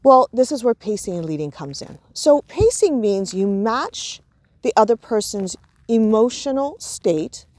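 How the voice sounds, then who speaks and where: A woman teaching in a relaxed, conversational way, her voice mellow and warm. She leans on fillers like "you know" and "right" and acts out gentle talk to a child as she explains. The sound is dry and close, with no room around it. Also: a little high, measured pace, no room sound. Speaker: parenting and emotions teacher. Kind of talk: informal spoken lesson.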